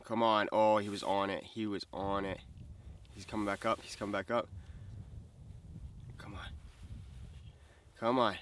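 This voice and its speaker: A man's voice: fairly low pitch, steady tone, a little slow, long pauses, a bit bright, slight background noise. A young man vlogging from a frozen lake. He talks casually, swears and exclaims, and talks to the fish and to himself. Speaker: outdoor vlogger. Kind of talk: casual vlog narration.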